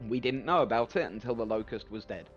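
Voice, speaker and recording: A man's voice: mid-range voice, fast talker, dull audio, soft background music. A man in a gaming voice chat telling a story in an exasperated way and swearing freely. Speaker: game player on voice chat.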